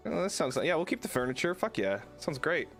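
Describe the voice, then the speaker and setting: A man streaming a game live, phlegmy from being sick, excitable and swearing freely as he talks. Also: a little high, brisk, soft background music.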